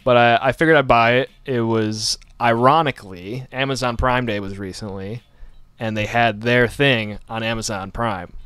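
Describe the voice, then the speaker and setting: Smooth-voiced man rambling on a radio show. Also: mid-range voice, fairly even intonation, moderate pace, a bit bright, no echo. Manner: rambling, joking, many restarts. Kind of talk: casual chat.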